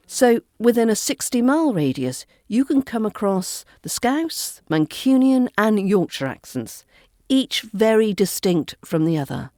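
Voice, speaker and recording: British woman w/ soft RP accent teaching on her podcast, mellow voice, lively ups and downs. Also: medium pitch, no echo, studio quality. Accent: Southern English RP. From Britain. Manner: clear, deliberate teacherly delivery. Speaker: accent coach and podcast host. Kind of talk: scripted podcast lesson.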